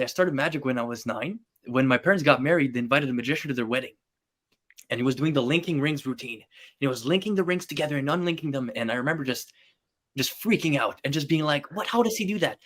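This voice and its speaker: A man's voice: mid-range voice, fast. Young French-accented man telling stories. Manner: animated storyteller, many fillers. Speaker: guest magician. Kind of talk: podcast interview.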